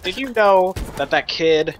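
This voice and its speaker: A man's voice: high voice, animated, measured pace, faint music behind. A man doing a mock-solemn impression of a smug TV sting host. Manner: mock-solemn, self-important.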